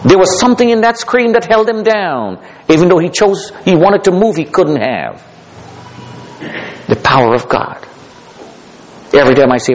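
A man telling his own survival story aloud, emphatic and dramatic, repeating phrases for effect and swinging from hushed to forceful. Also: high voice, sing-song, normal speed, long pauses, low-quality recording. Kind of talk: spoken personal testimony.

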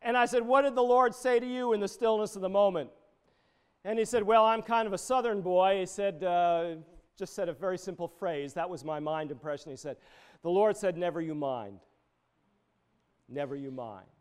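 Middle-aged male pastor, high clear voice, chatty storytelling sermon. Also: fairly quick. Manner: conversational, digressive with personal stories.

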